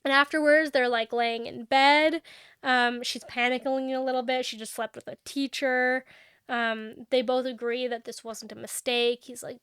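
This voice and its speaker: A young adult woman co-hosting a book podcast, retelling a novel's plot in casual chat and acting out the characters' lines in quick quotes. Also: sits high, clean tone, no echo. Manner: animated storyteller, acts out dialogue with quick quotes.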